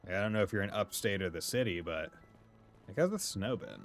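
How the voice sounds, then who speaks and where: A man's voice: fairly low pitch, lively intonation, brisk, faint music behind. A man from Massachusetts with a Massachusetts accent, chatting casually and rambling as he streams a game, laughing often. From Massachusetts, USA. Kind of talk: casual chat while playing a game.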